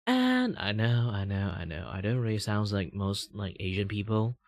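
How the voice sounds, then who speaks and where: A man's voice: fairly low pitch, sing-song, moderate pace, dry recording, clean studio sound. A young man from Malaysia hosting a casual livestream chat, talking in a rambling, filler-heavy way, laughing often and playfully teasing his viewers. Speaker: livestream host.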